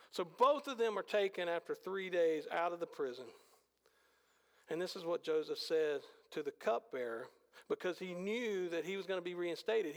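High, gravelly-voiced male preacher in a hall. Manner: animated storytelling with rhetorical questions. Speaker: pastor. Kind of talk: sermon. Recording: long hall reverb.

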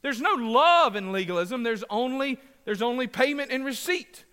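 A man's voice: very high voice, lively intonation, normal speed, sharp tone, clean tone, in a large hall. A man preaching a sermon to a congregation, passionate and emphatic, with repeated phrases and asides that joke with the crowd. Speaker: pastor. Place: church sanctuary.

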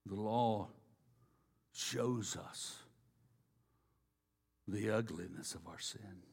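A man preaching a sermon, slow and deliberate, dropping to a hush on key phrases. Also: lowish voice, vocal fry, slightly rough. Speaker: pastor.

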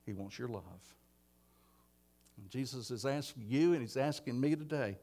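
A man preaching a sermon in a church, swinging between emphatic lines and hushed ones. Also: medium pitch, normal speed.

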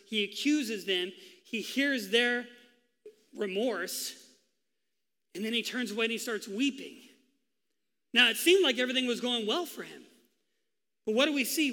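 A male pastor delivers a sermon, telling the story with lively, acted-out quotes. His voice sits high and bright. A long reverb trails behind him, as in a big hall.

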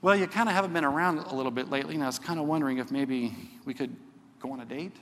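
A man quoting his teenage daughter in his sermon, voicing her halting, candid replies. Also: mid-range voice, a bit bright, long reverb tail, natural voice. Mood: hesitant. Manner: hesitant, halting.

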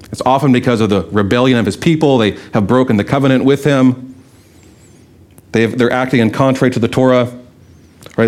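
A man's voice: medium pitch, darkish tone. Guy pastor giving a sermon, chatty, asks questions, tells stories, mid voice. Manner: conversational, rhetorical questions, storytelling.

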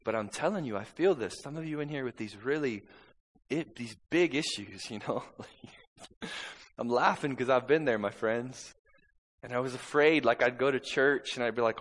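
A man's voice: mid-range voice, normal speed, a bit bright, long reverb tail, poor audio. A man preaching a sermon in a church, impassioned and conversational, often checking in with "amen?". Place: church sanctuary.

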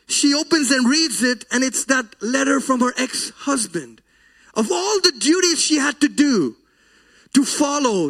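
A man's voice: extremely high pitch, pushed and bright. A man preaching a sermon, telling a story in an earnest, emotional way. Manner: earnest, emotional, slow deliberate delivery.

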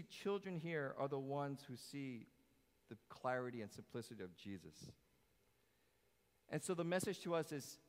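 Man preaching in a reverberant church. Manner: animated, swings between loud emphasis and soft low lines; asks the congregation questions, jokes. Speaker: pastor. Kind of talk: sermon. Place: church sanctuary. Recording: long hall reverb.

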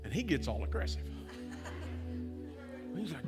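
A man's voice: mid-range voice, normal speed. A man preaching a sermon and leading an altar call, teasing at times and then fervent and pleading. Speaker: pastor. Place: large church with live music. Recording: long hall reverb, music behind.

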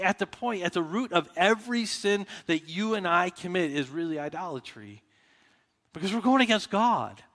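A pastor preaching in a reverberant hall. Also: male voice, high-pitched, a bit bright. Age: adult with children. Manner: conversational preaching with frequent restarts and rhetorical questions. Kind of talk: sermon.

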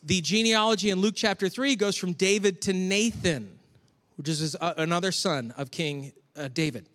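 A man from Western New York preaching a conversational sermon, with chatty, animated asides to the congregation. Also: high voice, normal speed. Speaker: pastor. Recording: long hall reverb.

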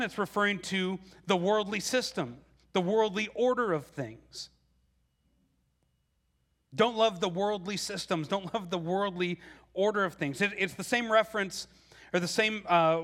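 Man preaching, fairly high voice, forties, casual conversational sermon style, repeats words. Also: normal speed, a bit bright. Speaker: pastor.

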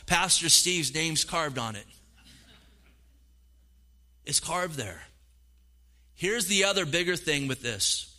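This sermon comes from a middle-aged man, a pastor whose voice is high-pitched. He delivers it with animation, voicing the people he quotes and repeating words as he goes.

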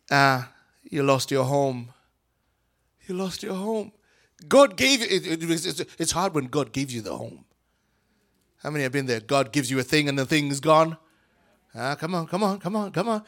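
A man preaching a sermon in a church with a Ugandan accent, swinging between shouts and whispers and acting out the people in his story. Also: a little high, moderate pace. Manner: animated, swings from shouting to whispering, acts out voices.

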